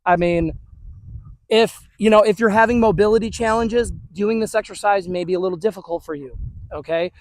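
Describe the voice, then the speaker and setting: A man's voice: high-pitched, brisk, no echo. A male dog trainer giving an upbeat, chatty demonstration outdoors on a suburban street, talking to viewers while praising the dogs.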